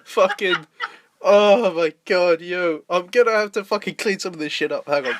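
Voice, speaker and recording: A Scottish man in a loose, joking podcast chat, with a voice that sits a little high. He laughs often and swears freely as he tells his stories. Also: background noise. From Scotland. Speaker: podcast co-host. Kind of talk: casual chat.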